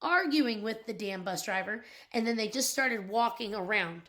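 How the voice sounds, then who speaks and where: Young adult woman, angry vlog rant, indignant and upset, slightly high voice. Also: animated, moderate pace, sharp tone. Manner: upset and indignant, venting at the school. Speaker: parent.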